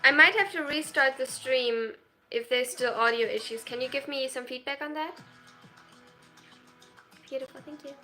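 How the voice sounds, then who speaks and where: A woman's voice: high voice, bright, forceful tone. A 22-year-old woman from Germany, live-streaming at home and reading viewer comments aloud. She talks in a shy, self-conscious way, with hesitant restarts and nervous laughs.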